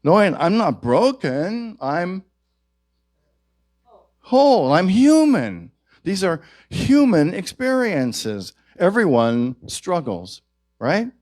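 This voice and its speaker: A man's voice: sits high, sing-song, takes it slowly, a little mellow. A man preaching a sermon at a church service, drawing the congregation in with questions and call-and-response. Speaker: minister.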